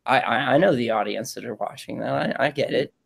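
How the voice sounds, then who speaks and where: A man's voice: mid-range voice, fairly quick, vocal fry, husky. Rambling man reading chat comments. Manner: rambling, laughs often, trails off with fillers. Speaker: live stream co-host reading comments. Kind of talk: casual live-stream chat.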